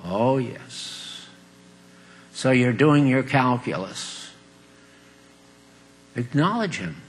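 An older man delivers a sermon in a folksy, conversational way. His voice sits a little high for a man. He chuckles often, hammers his key phrases loudly and then drops to soft, confiding asides. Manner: folksy, chuckling, swings between loud emphasis and quiet asides. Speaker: preacher.

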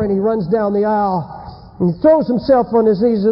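Male preacher, fiery sermon, acts out voices, husky, dull echoing hall recording. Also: high voice, expressive, brisk. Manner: dramatic, acts out the people in his story, swings from shouting to hushed.

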